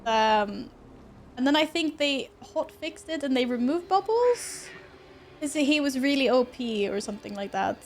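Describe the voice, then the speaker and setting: A woman's voice: sits high, moderate pace. A woman livestreaming a game, chatting casually with viewers, thanking tippers and reacting expressively. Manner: expressive, often laughing. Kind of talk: casual live-stream chat with viewers. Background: in-game music.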